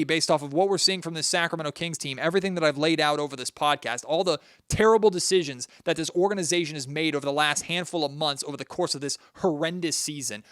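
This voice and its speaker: A man's voice: a little high, a bit bright, dry recording. Guy ranting on his sports podcast, fed up, clean dry mic sound. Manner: frustrated, venting, talks straight to listeners. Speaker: podcast host. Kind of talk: frustrated solo sports podcast rant.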